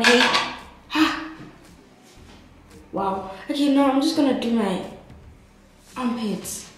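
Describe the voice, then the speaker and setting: A young woman vlogging casually at home, chatty and exclamatory, yelping now and then. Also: a little high. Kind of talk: casual vlog narration. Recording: very echoey room, faint background noise.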